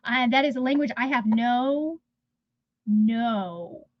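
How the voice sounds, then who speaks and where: High-voiced woman chatting on a livestream. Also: slow, dry recording, dull audio. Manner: rambling, chatty, trails off mid-sentence. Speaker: livestream host. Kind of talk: casual livestream chat. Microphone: phone.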